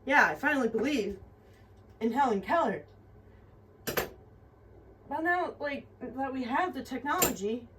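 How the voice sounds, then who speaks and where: A woman's voice: high voice, expressive, unhurried, long pauses. A young woman tells a personal story in a rambling, frank way, swearing often and using many fillers. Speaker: vlogger. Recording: somewhat distant mic with faint room noise.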